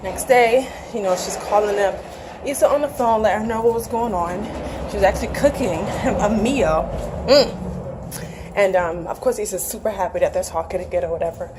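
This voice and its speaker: A woman's voice: medium pitch, moderate pace, background noise. A woman giving a casual, candid TV episode recap, chatty and profane, with playful acted quotes. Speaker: TV show reviewer.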